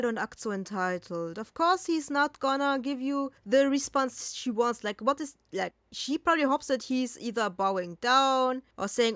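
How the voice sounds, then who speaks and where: A woman's voice: high-pitched, animated, normal speed, few pauses, fairly bright tone, dry recording. Blunt, sarcastic woman reacting late at night. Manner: blunt, sarcastic, swears freely. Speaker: reaction commentator. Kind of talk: casual reaction commentary.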